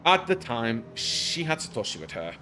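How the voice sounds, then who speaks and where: A man's voice: medium pitch, sing-song, normal speed, bright, forceful tone, faint music behind. A man streaming live, reading a visual novel aloud with emotion and intensity, sometimes stumbling over words. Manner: emotional, intense, with occasional slips. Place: home streaming setup.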